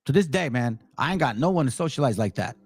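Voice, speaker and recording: A man's voice: mid-range voice, lively intonation, fast talker, breathy edge, dry recording. A man hosting a Bible channel, talking bluntly and with fire. He mixes casual commentary with scripture read aloud. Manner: blunt and direct; fiery, emphatic.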